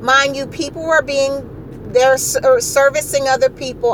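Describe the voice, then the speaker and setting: A woman's voice: high voice, unhurried, slight background noise, poor audio. Exasperated woman telling a story. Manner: animated, exasperated retelling with repeated phrases. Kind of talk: casual storytelling.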